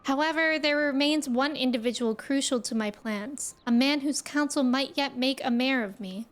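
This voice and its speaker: A woman reading the lines of an earnest, modest older male town leader in a fantasy game, in a measured, formal way. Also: high voice, faint music behind, close to an everyday voice.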